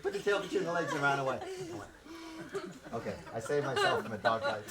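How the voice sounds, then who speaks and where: A man in his sixties who grew up in Los Angeles, a martial arts instructor telling stories to his students and acting out the shouts, laughing often. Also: medium pitch, fast talker, a loud crowd. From South Central Los Angeles. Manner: animated, acts out shouts and quotes, laughs often. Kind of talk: storytelling to students.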